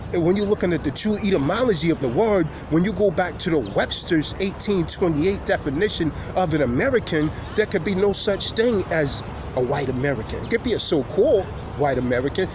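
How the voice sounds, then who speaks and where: Male host, slightly high, preachy lecture cadence, outdoors with traffic noise. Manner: emphatic, preacher-like delivery with drawn-out pauses. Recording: street noise behind the voice.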